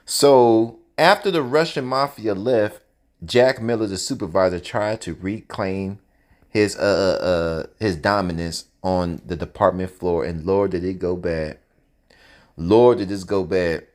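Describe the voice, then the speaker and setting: A man telling a story in a casual, animated, conversational way, with frequent cursing. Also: deep voice, measured pace.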